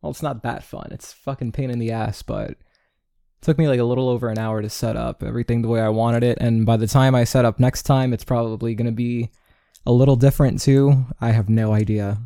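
A man in his twenties hosts a casual solo podcast from an indoor home recording setup, rambling, swearing freely, and dropping Spanish words into his talk. His medium-pitched voice is steady, creaky, and mellow, and he speaks fairly quickly. The recording has no room sound and studio quality.

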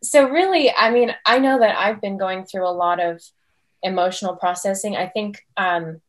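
A woman's voice: medium pitch, normal speed, faint music behind. A woman, perhaps in her thirties, interviewing on a podcast in a chatty, searching way, with trailing questions. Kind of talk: casual conversation.

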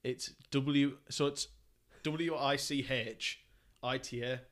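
Casual male podcast co-host, mid pitch, jokey and rambling, quizzing a friend. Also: fairly even intonation, slow pace, a bit bright. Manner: jokey, rambling, self-deprecating. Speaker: podcast co-host asking quiz questions. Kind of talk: casual film podcast chat.

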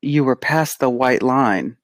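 A man co-hosting a podcast, telling an animated, casual story and acting out the quotes. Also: medium pitch, slow, no echo. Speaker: podcast co-host; pediatric physical therapist. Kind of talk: casual chat.

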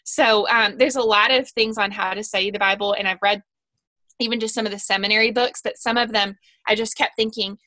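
A woman's voice: on the high side, steady tone, a little fast, sharp tone, no room sound. A woman guest on a Christian podcast, talking earnestly and at length about her Bible study guide, with frequent fillers. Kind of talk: casual podcast conversation.

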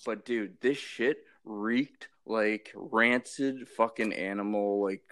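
A man's voice: on the low side, takes it slowly, a bit bright, dry recording, studio quality. A young man in casual chat, laid-back and slangy, calling people bro and dude.

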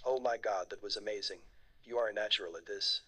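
A man putting on a creepy, breathy male phone caller who talks quietly and fast. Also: fairly low pitch, background noise, voice pushed down, lightly acted. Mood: eager.

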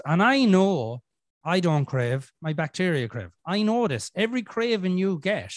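A man's voice: high voice, very animated, measured pace, dry recording, studio quality. A middle-aged Irish man hosting a podcast, telling a story in casual chat, swearing a lot and acting out his inner voices. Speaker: podcast host.

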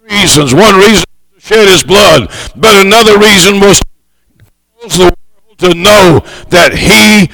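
A high, bright-voiced man preaching a fervent sermon, his tone shot through with gravel. He builds to shouts and stretches out the words he wants to land. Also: rough recording. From United States. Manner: fervent, swells to shouts, draws out key words. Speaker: missionary preacher.

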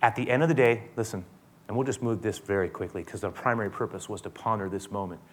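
A man preaching a sermon, retelling a story dramatically and swinging between loud and hushed speech. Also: lowish voice, fairly even intonation, fast. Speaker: pastor.

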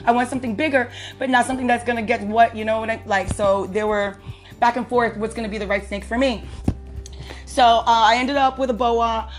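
Young adult woman podcast host, fairly high voice, chatty and laughing as she tells a story, faint music under her. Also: steady tone, a little fast. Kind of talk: casual chat.

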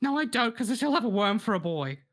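A man's voice: very high-pitched, very animated, fast talker, fairly bright tone. A man hosting an advice podcast, chatting casually, laughing often and reading out listener questions. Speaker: podcast host.

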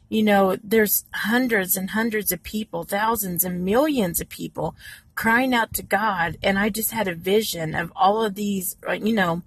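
A woman's voice: medium pitch, a bit bright, slightly rough, no echo. A woman giving an earnest, encouraging devotional talk from inside her parked car, with many fillers. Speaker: devotional speaker.

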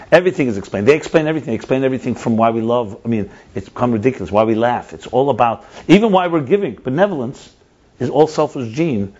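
A man leading a casual group discussion, talking in an animated way and often restarting and repeating words as he tells stories. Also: medium pitch. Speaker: lead speaker in a group discussion. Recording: dull lo-fi recording.

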